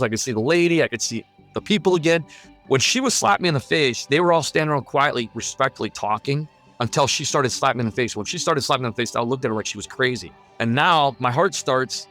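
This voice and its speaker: A man's voice: medium pitch, a bit bright. A man telling his own near-death story in an earnest, vivid and emphatic way. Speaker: guest sharing a near-death testimony. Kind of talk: personal testimony storytelling.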